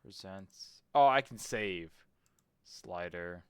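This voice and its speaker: A man's voice: deep voice, takes it slowly, smooth, no echo. A man streaming a game, thinking aloud, swearing casually and reading menu text as he goes. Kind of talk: casual let's-play commentary.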